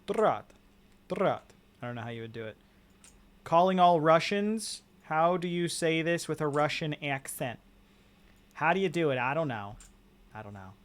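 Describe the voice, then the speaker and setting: A man from a band, casually thinking aloud and joking while recording an album in a studio. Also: mid-range voice. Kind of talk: casual studio vlog talk.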